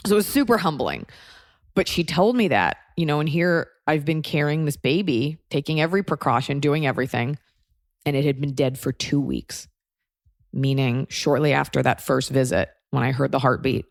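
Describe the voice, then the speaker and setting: A woman's voice: deep voice, normal speed, gravelly, no room sound, studio quality. A woman hosting a podcast, telling a personal story in a wry, conversational way and acting out what others said. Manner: wry, conversational, acts out quoted voices. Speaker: podcast host. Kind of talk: comedic storytelling monologue.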